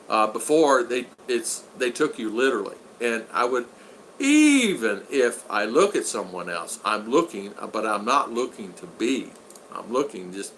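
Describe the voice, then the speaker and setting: A man's voice: medium pitch, bright, forceful tone, a little hiss or hum, rough recording. A man in his sixties hosting a casual livestream, reading viewer comments aloud in a rambling, folksy, joking way. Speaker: channel host.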